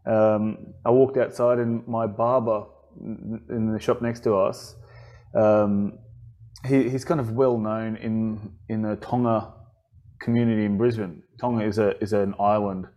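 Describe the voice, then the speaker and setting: Rambling Australian podcast host. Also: male voice, on the low side, level tone, a little slow, mellow. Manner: rambling storyteller, many restarts and fillers. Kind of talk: casual chat.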